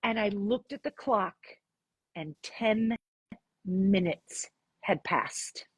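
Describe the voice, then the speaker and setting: A woman guest on an interview podcast, telling a personal story in an animated way and acting out the dialogue. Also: medium pitch, takes it slowly, breathy edge, no room sound. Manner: animated, acts out dialogue in her stories.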